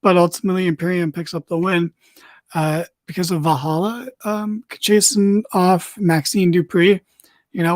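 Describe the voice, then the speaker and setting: A man hosting a podcast, recapping wrestling in a casual, rambling, excitable way with lots of fillers. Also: high voice, dry recording. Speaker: podcast host.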